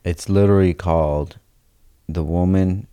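A man's voice: low-pitched, steady tone, measured pace, mellow, smooth, no echo. A young man co-hosting a podcast, chatting casually and jokingly, often saying "dude". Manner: laid-back, joking, says "dude" a lot. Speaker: podcast co-host. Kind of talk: casual chat.

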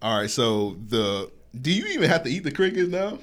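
Laughing, animated man on a podcast. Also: medium pitch, a little fast. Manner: laughing, loose banter with frequent "bro". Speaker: podcast co-host. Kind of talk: casual chat. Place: home studio.

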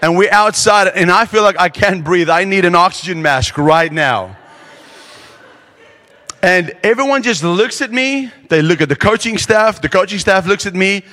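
A man preaching at a conference, telling a story with lively, acted-out quotes. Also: high voice, normal speed. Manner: animated storyteller acting out quotes. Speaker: pastor. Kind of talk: sermon storytelling. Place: large conference hall. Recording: long hall reverb.

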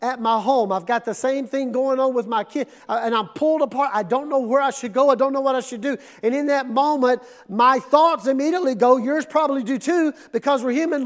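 A male pastor delivering a sermon in a church auditorium. His voice sits high for a man, and his manner is conversational and animated, drawing the congregation in with questions. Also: fairly quick. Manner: conversational, animated preaching, asks the crowd. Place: air-conditioned church auditorium.

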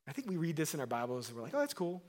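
Animated preacher man, slightly high voice. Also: rapid-fire. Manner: animated, acts out voices of Bible figures; drops to a low hush for emphasis. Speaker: pastor. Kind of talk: sermon.

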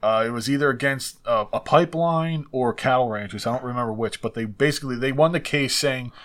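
A man's voice: mid-range voice, a little fast, a bit bright. Laid-back man co-hosting a podcast. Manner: laughs often, trails off and restarts. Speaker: podcast co-host. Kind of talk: casual chat over drinks.

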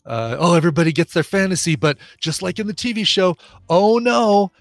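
A man co-hosting a podcast in casual movie chat, animated and laughing often as he retells scenes. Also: sits high, brisk, vocal fry, no echo, faint music behind. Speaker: podcast co-host.

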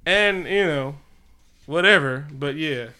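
A man's voice: a little high, slow pace, bright, forceful tone, clean tone. A man co-hosting a casual movie recap podcast, loose and joking, laughing often. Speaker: podcast co-host.

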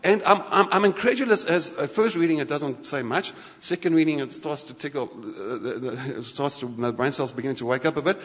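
An animated male preacher talks through his sermon like a chat with the congregation, restarting sentences as his thoughts run ahead. His voice sits a little high for a man. A long church-hall reverb trails after each phrase. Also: brisk, hardly any pauses.

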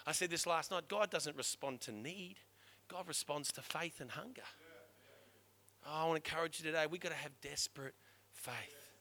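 Male pastor, middle-aged, preaching with fire; high, bright voice that surges loud then drops low for weight. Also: moderate pace. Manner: impassioned, shifting from loud urging to hushed emphasis. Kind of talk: sermon.

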